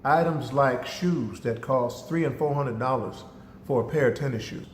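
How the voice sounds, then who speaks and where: A man's voice: medium pitch, normal speed, slight background noise. A man giving a motivational talk, speaking emphatically and addressing listeners directly, with stories woven in. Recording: echoey hall reverb.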